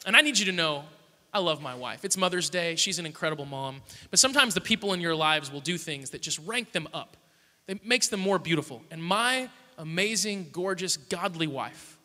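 A man in his thirties preaches to his congregation with a high, sharply bright voice. He tells stories with humor and warmth of delivery before turning to scripture, and his words ring out with a long reverb from the big church hall. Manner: storytelling with humor. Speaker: pastor. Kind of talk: sermon.

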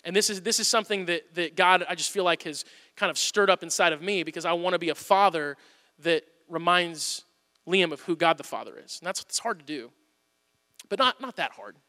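A man in his thirties preaching a sermon, telling family stories with animated swings from loud to hushed. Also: sits high, fairly quick, long reverb tail. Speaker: pastor.

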